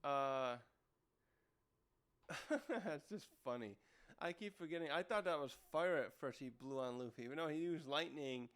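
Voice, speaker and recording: A man's voice: on the high side, normal speed, a bit bright. A man reviewing a comic chapter in casual chat, rambling with many fillers and restarts. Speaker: manga reviewer.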